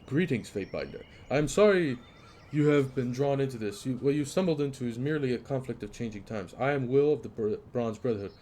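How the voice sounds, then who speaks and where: A smug toll guard, as a gamer puts him on, courteous on the surface and sly underneath. The voice sits near a plain middle pitch. It comes as game dialogue read aloud. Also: male voice, animated, fairly quick, dark tone, slight background noise, close to an everyday voice. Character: smug male toll guard, falsely polite.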